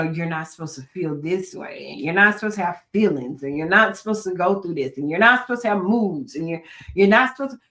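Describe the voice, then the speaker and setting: A woman's voice: mid-range voice, a bit bright. A woman therapist talking to her listeners in a preachy, folksy way, with repeated phrases, joking asides and many rhetorical questions. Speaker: therapist and podcast host. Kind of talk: solo talk to listeners.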